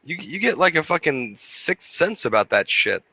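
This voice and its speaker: Bright-voiced man in rambling casual chat. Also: fairly high pitch, very animated, moderate pace, creaky, no room sound, dull audio. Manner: rambling, many fillers and restarts, swears casually.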